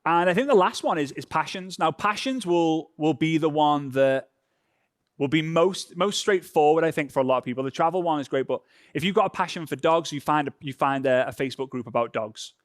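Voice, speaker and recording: A European man leads an online social media class in a loose, conversational way and keeps checking in with his listeners. His voice sits a little high for a man. The sound is close and dry. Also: brisk, no echo. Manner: casual, chatty, drops in "right?" checks. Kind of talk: live online training session. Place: home.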